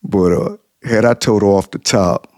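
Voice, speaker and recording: A man's voice: fairly low pitch, moderate pace, a little mellow, no echo, studio quality. A man vlogger telling a personal story to the camera, chuckling through his words and repeating himself for emphasis.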